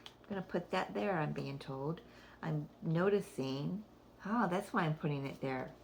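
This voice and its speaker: A woman's voice: low voice, measured pace, vocal fry, darkish tone, slight background noise. A middle-aged woman giving a casual spiritual card reading, rambling and thinking aloud, often breaking into laughter. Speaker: oracle card reader.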